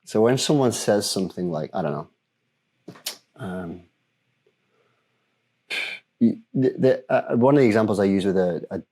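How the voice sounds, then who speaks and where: Man, breathwork coach, animated explainer, fairly low voice, podcast chat. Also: normal speed, pauses often, husky. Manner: animated explainer, acts out examples. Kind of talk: conversational podcast interview.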